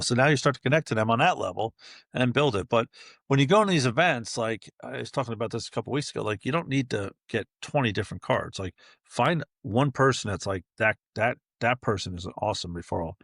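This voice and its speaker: A middle-aged man talks fast in a gravelly voice, acting out little scenes as he goes. The room sounds dry and close. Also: mid-range voice, no room sound. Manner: chatty, animated storyteller acting out dialogue. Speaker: podcast guest, entrepreneur. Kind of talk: casual interview talk.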